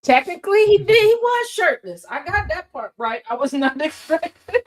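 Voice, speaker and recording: Animated high-voiced woman host. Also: moderate pace. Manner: animated, laughing, exclaiming. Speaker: show host. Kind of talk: casual news reaction chat.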